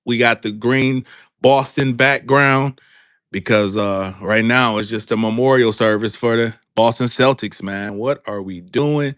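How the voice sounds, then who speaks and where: A man hosting a live sports talk stream, calling out to his viewers and repeating himself in a drawn-out way. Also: mid-range voice, a bit bright, no room sound, studio quality. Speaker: sports talk show host. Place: home studio with a green background.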